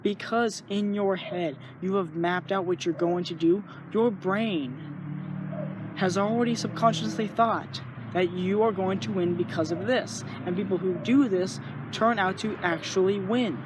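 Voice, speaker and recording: A man's voice: high-pitched, measured pace, background noise. A young man talking earnestly in a rambling, casual way, sharing his thoughts and acting out little inner voices. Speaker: vlogger. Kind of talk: casual spoken reflection.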